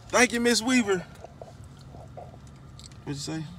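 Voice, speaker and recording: This man's voice sits high for a man as he hosts a casual mukbang stream. He keeps up a teasing back-and-forth with his eating companion and breaks off to thank viewers by name, over a faint noise floor. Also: animated, slow pace, pauses often, fairly bright tone. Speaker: livestream host. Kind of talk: casual mukbang livestream chat.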